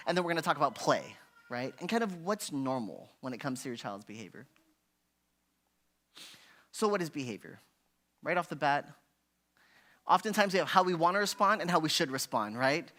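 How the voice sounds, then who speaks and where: A man with a slightly high voice leads a parenting workshop in a relaxed, conversational way. He keeps checking in with his listeners by asking "right?" and now and then acts out a frustrated parent. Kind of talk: parent education talk. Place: church hall.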